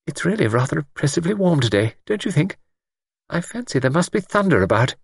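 A man voicing a prim, sly older woman who speaks in a gentle, everyday tone that hides menace, in a storybook reading. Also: fairly high pitch, very animated, a little fast, gravelly, breathy edge, no echo, studio quality, voice pushed up, heavily acted. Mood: genteel chatty.

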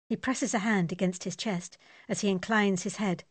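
A woman's voice: medium pitch, moderate pace, breathy edge, dry recording. Woman narrating an audiobook, dry sound. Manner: steady, descriptive.

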